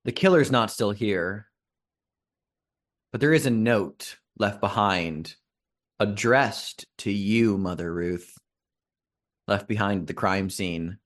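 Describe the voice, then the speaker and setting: A man serving as game master, narrating a tabletop role-playing game in a slow, deliberate storytelling manner with dramatic pauses. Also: on the low side.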